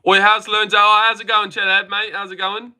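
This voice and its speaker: Brash, bright-voiced young streamer guy. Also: high-pitched, flat delivery, fairly quick. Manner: brash and profane, banters with chat. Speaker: livestream host. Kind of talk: casual livestream chat reading comments.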